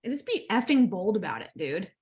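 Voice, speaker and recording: A woman's voice: medium pitch, sing-song, a little fast, a little mellow. A woman co-hosting a casual group coaching call, urging listeners boldly and enthusiastically. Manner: bold, enthusiastic encouragement. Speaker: co-host.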